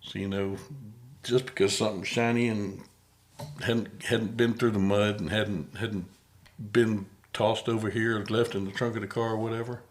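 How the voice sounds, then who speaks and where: A man's voice: lowish voice, flat delivery, moderate pace. A man hosting a podcast in casual conversation, folksy and rambling, often repeating words as he starts a thought. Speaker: podcast host.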